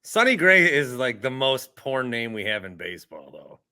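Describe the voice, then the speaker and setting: A man with a bright, sharp voice co-hosts a casual sports podcast. He chimes in with wry, joking remarks. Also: mid-range voice, very animated, normal speed.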